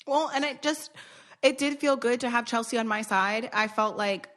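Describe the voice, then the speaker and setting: A woman's voice: on the high side, moderate pace, fairly bright tone. Earnest woman podcast co-host. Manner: earnest, repeats phrases to make a point. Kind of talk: casual chat.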